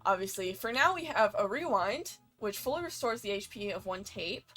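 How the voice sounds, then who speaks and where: A woman's voice: mid-range voice, animated, normal speed, a bit bright, faint music behind. A woman hosting a let's play, with casual gameplay commentary, bubbly and playful, rambling with many fillers.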